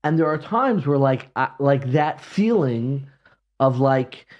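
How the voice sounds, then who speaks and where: Reflective man with an even, mid-range voice. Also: mid-range voice, slow, dull audio. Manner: searching, restarts phrases, animated storytelling. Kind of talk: reflective conversation.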